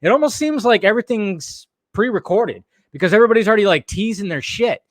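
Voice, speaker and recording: Tipsy guy going off on a stream, swearing a lot, kinda high voice, dry close sound. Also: lively intonation, quick pace, no echo. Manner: profane, heated ranting, swears often. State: tipsy from bourbon. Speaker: streamer host. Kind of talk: ranting live stream chat.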